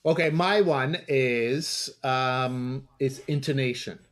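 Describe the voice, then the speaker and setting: A man's voice: medium pitch, slow. A man co-hosting a teaching podcast, thinking aloud in a casual, hesitant way and acting out question intonation. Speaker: podcast co-host, English teacher. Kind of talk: casual discussion.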